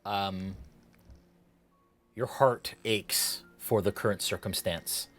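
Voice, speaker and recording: A man narrating as dungeon master, setting the scene in a measured, descriptive way. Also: on the low side, steady tone, fairly bright tone, faint music behind. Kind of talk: narrating a tabletop game.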